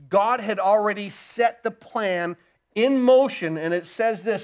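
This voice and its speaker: High-voiced man preaching emphatically. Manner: emphatic, repeats key phrases, shifts pace often. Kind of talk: sermon.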